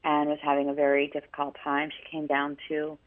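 Low-pitched woman radio co-host, animated storyteller, heard over a thin phone-like line. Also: brisk. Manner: animated storyteller, many restarts. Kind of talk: casual radio chat, storytelling. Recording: tinny phone-line sound.

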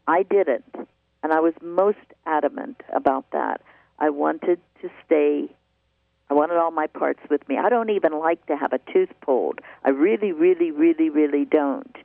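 An older woman who owns an herbal shop hosts a call-in herbal health radio show, earnestly telling her story and repeating words for emphasis. Her low voice carries vocal fry, the recording dry and tinny like a phone-line broadcast.

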